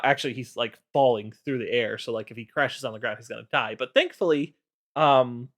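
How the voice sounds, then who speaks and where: A man's voice: medium pitch, a bit bright. A man streaming, casually recapping game lore with lots of fillers.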